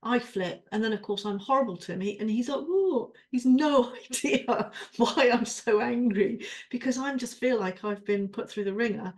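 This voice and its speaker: A woman's voice: fairly high pitch, brisk, few pauses. A woman co-host venting her frustrations in a coaching chat, rambling and exasperated, with swearing. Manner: rambling, with self-interruptions. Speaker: podcast co-host. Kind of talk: venting during a coaching session.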